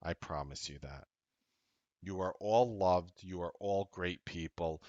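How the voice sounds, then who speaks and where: Deep-voiced blunt man giving a pep talk. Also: measured pace, no room sound, muffled recording. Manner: casual and blunt, with frequent swearing; earnest, grows loud and emphatic. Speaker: trading show host. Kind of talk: motivational talk to a live audience.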